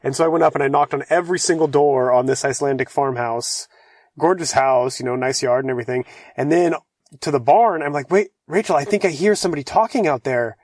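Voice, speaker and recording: A young man chats from inside a parked camper van, his voice close and dry. He talks in a relaxed, steady way and fills in details of a shared story. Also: on the high side, quick pace, no room sound. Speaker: travel vlogger. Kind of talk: casual storytelling chat.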